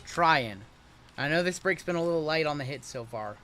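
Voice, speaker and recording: A high, bright-voiced man runs a livestream card break, calling out every pull as it comes. He keeps the patter jokey and upbeat between cards. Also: lively intonation, normal speed, slight background noise. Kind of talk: livestream card-opening commentary.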